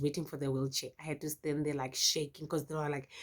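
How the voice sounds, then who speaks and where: A South African woman with a South African accent telling a personal story in a casual vlog, expressive and full of exclamations. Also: low voice, fairly quick, hardly any pauses. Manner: expressive, exclamatory, frequent "yo" interjections. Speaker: YouTuber.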